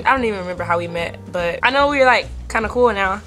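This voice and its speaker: Bright-voiced teenage girl rambling casually. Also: fairly high pitch, lively intonation, brisk, hardly any pauses, soft background music. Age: teens. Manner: rambling, giggly, teasing. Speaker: vlogger. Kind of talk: casual shoutout vlog.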